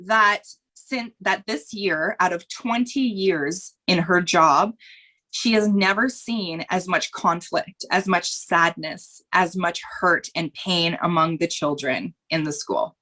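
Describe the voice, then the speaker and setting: A woman's voice: lowish voice, slow, sharp tone. A woman talking as a guest in a podcast interview, earnest and candid, speaking in long rambling runs that repeat phrases and sometimes turn emotional.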